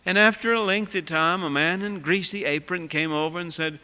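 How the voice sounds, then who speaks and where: A male preacher tells a sermon story with a high, bright voice. He swings from loud bursts to near hushes, and the words ring with long reverb in a large hall. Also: fairly quick, clean tone. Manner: vivid storyteller with wide swings in loudness, dropping to a hush.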